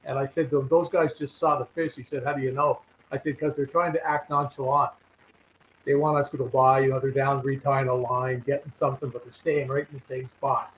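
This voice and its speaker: A man's voice: mid-range voice, flat delivery, a little fast, a bit bright, roomy sound, a little hiss or hum, rough recording. A man, a regular guest on a live fishing show, telling rambling anecdotes full of quoted dialogue. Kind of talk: casual storytelling chat.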